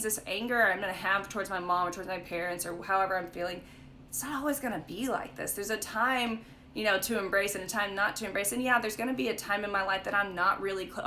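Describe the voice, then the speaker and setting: A woman's voice: mid-range voice, pushed and bright, slight background noise. A young woman leading a casual livestream Bible study, chatty and storytelling, often saying "like" and "right?". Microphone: phone or webcam for a live stream.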